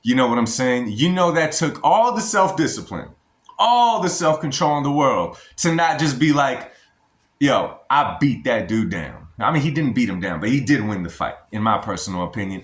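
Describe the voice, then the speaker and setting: A man's voice: medium pitch, expressive, a little fast. Emphatic American man in an echoey room. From United States. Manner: emphatic, repetitive, addresses viewers as y'all. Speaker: boxing commentary vlogger. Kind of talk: casual opinion vlog.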